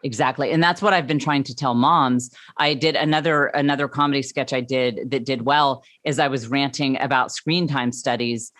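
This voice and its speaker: A woman, a comedian guest telling stories in an animated, emphatic way. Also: very deep voice, moderate pace, hardly any pauses, no room sound, clean studio sound. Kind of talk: casual interview chat.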